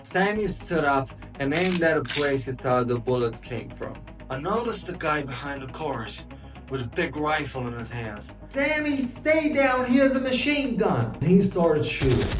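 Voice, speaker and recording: A man's voice: medium pitch, animated, moderate pace. Male storyteller, tense first-person crime narration, distant roomy sound with music underneath.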